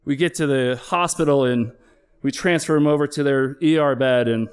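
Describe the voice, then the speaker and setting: A middle-aged man, a flight paramedic, telling a true personal story on stage, candid and emotional, swearing now and then and slowing down for emphasis. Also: medium pitch, smooth.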